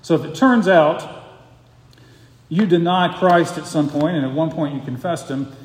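A man's voice: a little high, a little slow. A man preaching a sermon as pastor, earnest and emphatic, pressing his points with rhetorical questions. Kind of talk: expository sermon. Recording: echoey hall with long reverb.

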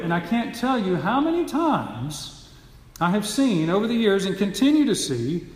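A man's voice: high voice, very animated, moderate pace. Earnest preacher man in an echoey hall. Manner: earnest teaching, building to emphatic repetition. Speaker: pastor. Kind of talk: sermon. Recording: echoey hall, long reverb.

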